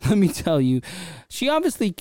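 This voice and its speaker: A man hosting a podcast, telling a story in a casual, animated way and often checking in with his listener. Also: high-pitched, normal speed. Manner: animated, chatty, frequent "right?" check-ins. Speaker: podcast host.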